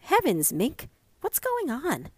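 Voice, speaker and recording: A patient, busy mother, voiced by a woman narrator, mildly surprised and gently cautioning, in a lifted tone. Slow, dry storybook reading. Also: high voice, huge pitch swings, dry recording, pitched above the performer's own voice, heavily acted.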